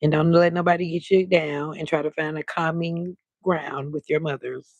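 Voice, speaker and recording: A woman's voice: deep voice, steady tone, moderate pace, a little mellow, no room sound, muffled recording. A woman hosting a casual late-night livestream, chatting freely and greeting viewers by name, drawing her words out. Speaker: livestream host.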